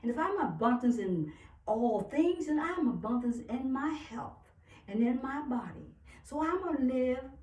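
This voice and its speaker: Slow, emphatic woman in an echoey room. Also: high voice, animated, a little mellow. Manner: emphatic and profane, often laughing. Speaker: spiritual speaker. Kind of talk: casual spiritual pep talk. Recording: echoey room, far from mic.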